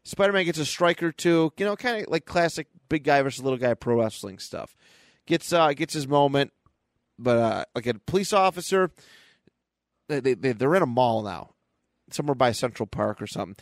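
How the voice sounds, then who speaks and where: A man co-hosting a podcast, recapping a comic book in casual chat and jumping into quick character voices as he goes. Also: mid-range voice, lively intonation, no room sound. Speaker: podcast co-host.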